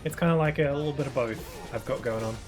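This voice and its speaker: A man's voice: mid-range voice, fast, music in the background. Chatty British man streaming a game. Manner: chatty and rambling, with frequent restarts. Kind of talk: casual live-stream chat while gaming.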